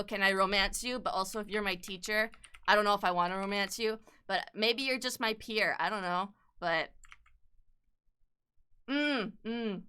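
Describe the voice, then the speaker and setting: A young adult woman chatting casually on an art livestream, excitable and gushing, swearing freely and laughing often. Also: medium pitch, smooth. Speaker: artist livestreamer. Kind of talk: casual chat while drawing.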